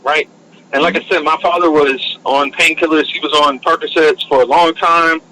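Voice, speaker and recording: A man's voice: on the high side, steady tone, normal speed, bright, forceful tone, a little hiss or hum, poor audio. A man in a casual podcast chat, talking in a heated, profane, emphatic way.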